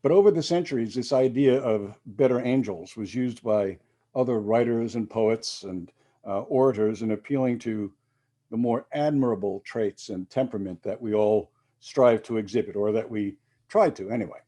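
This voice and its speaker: A man's voice: fairly low pitch, normal speed, warm tone. A male minister giving a reflective sermon, with quoted readings and casual asides.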